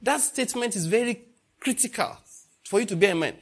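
A man's voice: high-pitched, expressive, fairly quick, husky. A man preaching a sermon, asking the congregation rhetorical questions and repeating phrases for emphasis.

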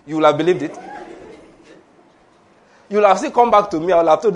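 A man preaching a sermon, animated and humorous, laughing often and acting out the voices he quotes. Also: fairly high pitch, fast talker, long pauses.

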